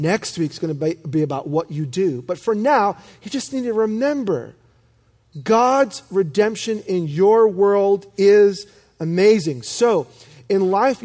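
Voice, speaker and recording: A man preaching a sermon as pastor, telling stories with self-deprecating humor and lively emphasis. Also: high voice, normal speed.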